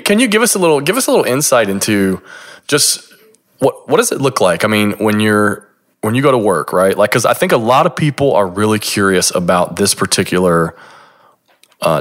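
Deep-voiced male interview host. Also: fairly bright tone. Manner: loose, rambling questions. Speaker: podcast host. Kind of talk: casual interview questions.

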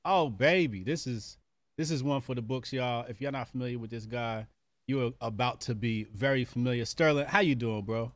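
A man's voice: medium pitch, moderate pace. A man hosting a casual show, hyped and slangy, laughing often with his guest. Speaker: podcast host. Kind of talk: casual interview chat.

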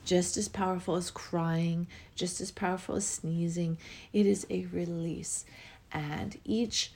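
A woman's voice: fairly low pitch, fairly even intonation, a little slow, slightly rough. A middle-aged woman hosting a spiritual podcast, musing dreamily and yawning as she talks. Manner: dreamy, musing, with frequent yawns and soft trailing words. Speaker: podcast host.

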